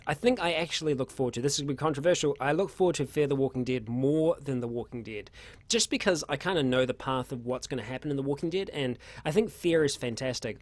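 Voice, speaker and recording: A man's voice: mid-range voice, dry recording. Chatty young man answering viewer questions. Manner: chatty, rambling, frequent fillers and restarts. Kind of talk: casual livestream Q&A.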